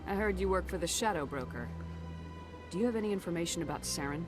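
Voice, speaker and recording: A woman's voice: fairly low pitch, expressive, quick pace, lightly acted. A woman voicing a blunt female starship commander in a video game, speaking tersely. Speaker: game character. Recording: game audio over loud music.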